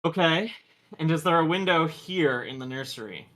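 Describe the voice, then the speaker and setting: A man playing in a tabletop game, asking questions in a casual, animated way. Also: fairly high pitch, normal speed. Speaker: player. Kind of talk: casual chat.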